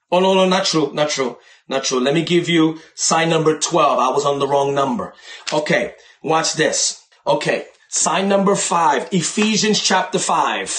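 A man preaching a sermon in a lively, conversational way, dropping into slow, emphatic phrases. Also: on the high side. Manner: animated, conversational preaching with sudden slowdowns for emphasis.

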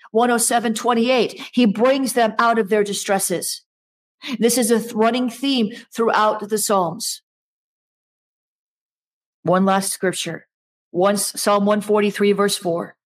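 A woman preaching an online sermon, speaking with emphatic repetition and slowing down to read scripture aloud. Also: medium pitch.

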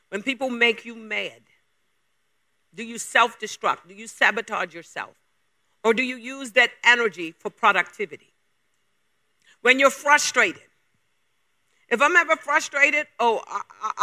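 A man preaching a sermon, driving his points home with rapid rhetorical questions. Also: very high-pitched, bright, forceful tone.

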